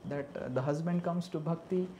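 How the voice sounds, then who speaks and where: A man telling a devotional story as a sermon, animated and dramatic, dropping to soft asides. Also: a little high, fairly quick, slight background noise. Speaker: preacher.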